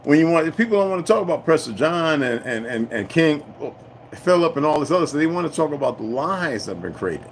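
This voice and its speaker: A man's voice: fairly high pitch, very animated, fast talker, slight background noise, low-quality recording. A man hosting a livestream, ranting in a loose, rambling way to his viewers, swearing often and greeting commenters by name. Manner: profane, emphatic, loose and digressive. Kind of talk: rambling casual rant to live viewers.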